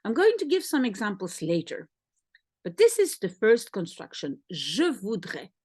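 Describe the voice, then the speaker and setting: A woman teaching a recorded language lesson in slow, carefully spaced explanations and repeating example phrases, with a Belgian Dutch accent, Dutch being her first language. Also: medium pitch, wildly swooping pitch, darkish tone, breathy edge, dry recording, studio quality.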